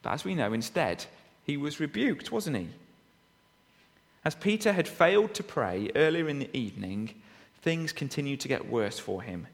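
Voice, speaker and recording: Man preaching with lively pitch, in a hall. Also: normal speed, gravelly. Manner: expository preaching, rhetorical tag questions. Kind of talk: sermon. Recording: long reverb of a hall.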